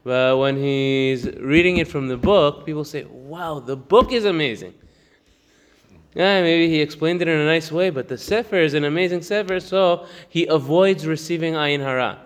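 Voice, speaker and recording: In a large hall, a man with a fairly high, clear, resonant voice leads a relaxed Torah class. He races through a Hebrew text aloud, then explains it in English, laughing often as he goes.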